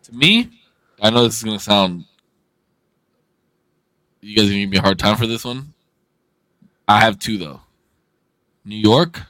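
A man co-hosting a podcast in casual chat, excitable and slangy, swearing freely. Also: lowish voice, moderate pace, pauses often, no room sound. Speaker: podcast co-host.

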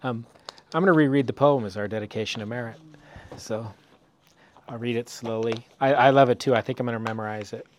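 A man in a meditation group who speaks hesitantly, with frequent ums and restarts, before slowly reading a poem aloud. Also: mid-range voice, slight background noise.

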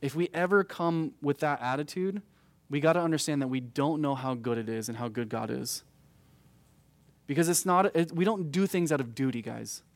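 A man's voice: fairly high pitch, normal speed, no echo. A man in his thirties teaching a youth group verse by verse through a Bible passage, conversational and peppered with "right?" asides. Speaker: youth pastor.

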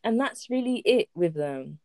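A woman co-hosting a casual movie review podcast, jokey and quick with interjections. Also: medium pitch, lively intonation, darkish tone, dry recording, clean studio sound. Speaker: podcast co-host.

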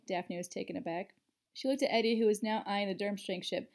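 A woman narrating a story aloud in a steady, even reading voice. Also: medium pitch, a little fast.

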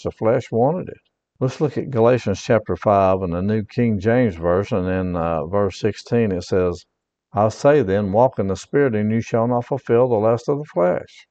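An earnest male pastor preaches a personal testimony, his voice low and mellow. He stresses his points twice over and reads scripture passages aloud. The sound is dull and lo-fi, like a home podcast recording. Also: long reverb tail.

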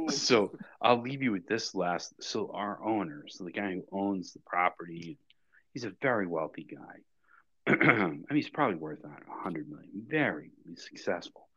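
A man with a deep, husky voice tells a story on a podcast with dry, deadpan delivery. The sound is dull and lo-fi, close and dry. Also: dry recording. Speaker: podcast co-host. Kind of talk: casual chat, storytelling.

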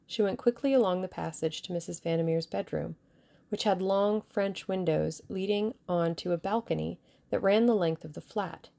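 A woman giving steady audiobook narration of a mystery novel. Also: on the low side, gravelly.

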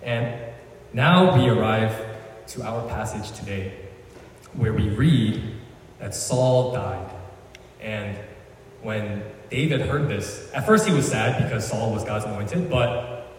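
A man's voice: on the low side, takes it slowly, pauses often, slight background noise. A man giving a casual sermon as a youth pastor, chatty and slangy, retelling the story with lots of asides. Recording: echoey hall, voice from far off.

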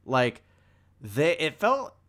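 A man's voice: on the high side, huge pitch swings, drawn-out words, a bit bright. A young man in casual podcast chat, telling stories with lots of filler words. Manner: chatty, storytelling, lots of "like" fillers.

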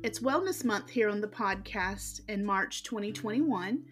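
A woman's voice: mid-range voice, a little slow, soft background music. A woman with a Southern US accent hosting a podcast interview in a folksy, chatty way. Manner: folksy, chatty, uses y'all. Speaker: podcast host.

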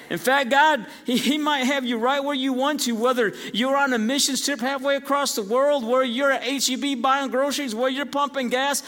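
Preaching pastor in a reverberant hall. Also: male voice, very high voice. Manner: storytelling preacher, rising to loud emphatic peaks. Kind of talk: sermon. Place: church sanctuary. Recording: long church hall reverb.

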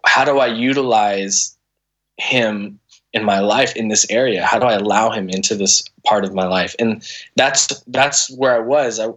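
A man's voice: fairly low pitch, moderate pace, fairly bright tone. A man in his thirties, a podcast guest, telling an emotional personal story in a candid, conversational way, earnest and full of restarts and fillers.

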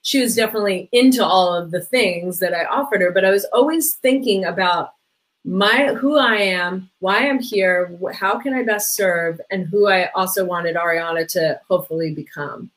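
A middle-aged woman chats as a podcast guest in an easy, rambling way, filling her talk with "like." Her voice sits in a plain middle pitch, and she briefly acts out the people she quotes. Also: normal speed, a bit bright, poor audio. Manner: chatty, many "like" fillers, acts out quoted voices. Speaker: podcast guest, parenting coach. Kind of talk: casual conversation.

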